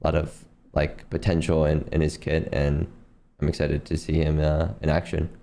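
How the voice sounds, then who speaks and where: A man who streams talks with a very deep, gravelly voice, reacting in a relaxed way. He barely moves his pitch and pads his speech with fillers. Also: normal speed. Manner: laid-back, filler-heavy. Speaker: streamer interviewing a developer. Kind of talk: casual interview chat.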